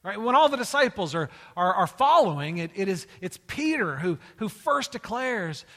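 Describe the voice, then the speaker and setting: Pastor preaching a sermon, man with a high, bright voice, slangy and animated, big reverberant hall. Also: normal speed. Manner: animated, casual storytelling with slangy retellings.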